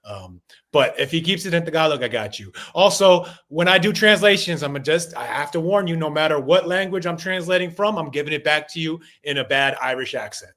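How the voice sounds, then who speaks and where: A man's voice: a little high, lively intonation, a little fast, pushed and bright. A man co-hosting a boxing podcast over a call, joking and rambling through his opinions. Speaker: podcast co-host. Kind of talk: casual boxing podcast chat. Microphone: remote call.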